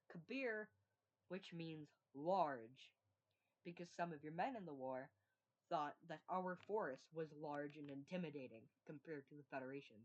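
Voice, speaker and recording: A woman's voice: deep voice, unhurried. A young woman casually narrating the history of a made-up world, rambling, joking and acting out quotes in silly voices. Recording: dull lo-fi recording.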